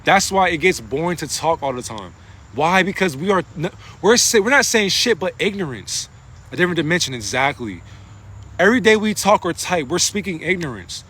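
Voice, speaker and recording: Bright-voiced man preaching spirituality. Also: fairly high pitch, sing-song, brisk, slightly rough. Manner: rambling, profane, preachy. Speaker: spiritual vlogger. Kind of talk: casual spiritual monologue. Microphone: phone.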